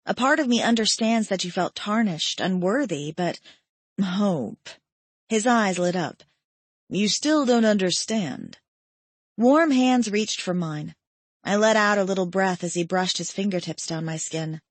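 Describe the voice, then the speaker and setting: A woman narrating a romance audiobook in the first person, even and conversational. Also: medium pitch, unhurried, no echo.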